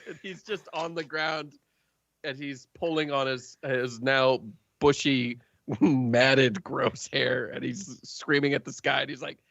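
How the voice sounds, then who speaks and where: A man narrating as game master of a tabletop game, in an unhurried, halting way full of fillers. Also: mid-range voice, fairly even intonation, creaky, fairly bright tone, dry recording. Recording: dull, dry lo-fi stream audio.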